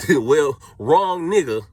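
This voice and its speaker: A man's voice: a little high, extremely slow, husky, no echo. A young man with a Cleveland accent telling a story in casual street slang, acting out what people said. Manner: animated street slang storytelling, acts out quotes.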